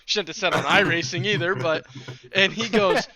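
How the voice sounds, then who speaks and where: A man telling a racing story in a casual podcast chat, animated and laughing along as he talks. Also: high voice, normal speed, no echo.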